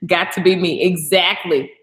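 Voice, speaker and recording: This livestream host, a young adult woman, chats casually with her audience and reacts to their comments at a moderate pace. She sounds animated, climbing high in pitch when excited, while the echoey room carries a slight hiss or hum.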